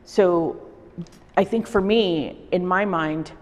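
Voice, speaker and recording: A woman's voice: fairly low pitch, slow pace, a little mellow. Reflective woman artist in a reverberant hall. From El Salvador. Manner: reflective, storytelling. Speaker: wood-carving artist. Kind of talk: interview, personal storytelling. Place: art exhibition hall.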